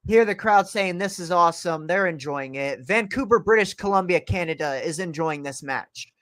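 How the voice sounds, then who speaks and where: A man with a high-pitched voice, starting to lose it, livestreaming excited play-by-play reactions to a wrestling match from his home computer. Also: normal speed, no echo. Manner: excited play-by-play, calling moves as they happen. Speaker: livestream host. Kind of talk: live wrestling reaction commentary.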